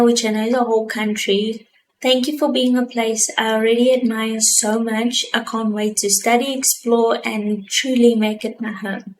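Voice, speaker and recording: A woman's voice: on the high side, slight background noise, rough recording. A young South African woman talking to camera in a heartfelt, reflective personal vlog. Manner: earnest, heartfelt, slow and thoughtful. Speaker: vlogger.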